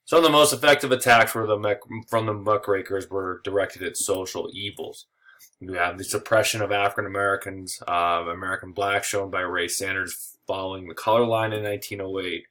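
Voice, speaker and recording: A man's voice: sits low, steady tone, fairly quick, pushed and bright. A man giving a recorded history lecture in a casual way, with joking asides and frequent filler words. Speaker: history teacher.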